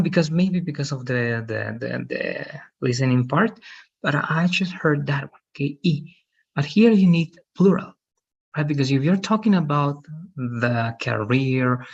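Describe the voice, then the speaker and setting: Male English tutor, patient, gravelly and husky, dull online audio. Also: mid-range voice. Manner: patient, repeats "right?" often. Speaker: English teacher. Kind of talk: online class feedback.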